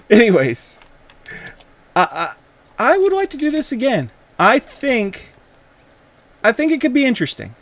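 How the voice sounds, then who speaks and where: A man's voice: very high voice, wildly swooping pitch, measured pace, long pauses, fairly bright tone. A young man, a gaming video creator, teasing a rival with mock-pompous banter as he issues a playful challenge.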